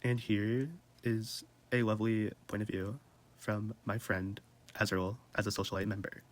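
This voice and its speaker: A young man presenting in a casual, comedic way, animated and slangy, laughing mid-sentence. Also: lowish voice, normal speed.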